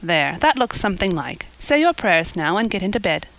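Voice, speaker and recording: A woman's voice: lowish voice, big pitch swings, normal speed, fairly bright tone, dry recording, low-quality recording. A woman voicing a strict, stiff older woman who admonishes a child, read in an audiobook. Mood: admonishing. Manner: stern, admonishing.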